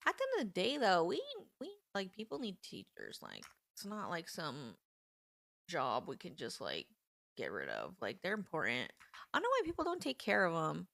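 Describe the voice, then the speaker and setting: A woman in her thirties talks on a casual live stream in a lower, gravelly voice with a lot of fry. Her delivery is animated and indignant, full of "like"s, and her pitch swings widely. The sound is close and dry, with almost no room echo. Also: normal speed. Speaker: livestream host.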